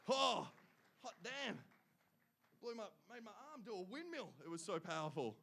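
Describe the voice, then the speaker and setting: A young adult man with an Australian accent and a high, light voice reads out award places and winners to a live crowd. He is upbeat and playful, breaking in with quick jokes between names. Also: sing-song, creaky, pushed and bright, a little hiss or hum. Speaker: awards announcer.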